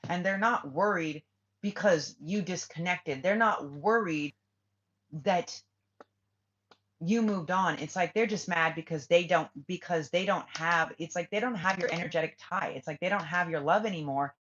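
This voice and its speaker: A woman's voice: fairly low pitch, moderate pace, a bit bright. A woman giving a casual spiritual reading to her viewers, blunt and swearing freely as she acts out what people say. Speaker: tarot reader. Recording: lo-fi muffled audio.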